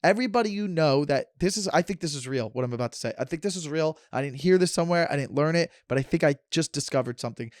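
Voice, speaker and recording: A man's voice: fairly high pitch, expressive, fast talker, few pauses, no echo, clean studio sound. Rambling, sarcastic man podcasting. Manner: sarcastic, joking, talks in tangents. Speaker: podcast host. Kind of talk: casual rambling monologue.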